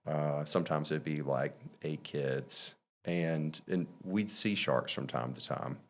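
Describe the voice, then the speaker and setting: A man's voice: a bass voice, takes it slowly. A man from Mississippi, a podcast guest telling stories in a loose, rambling way full of fillers and restarts. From Mississippi, USA. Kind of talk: casual storytelling.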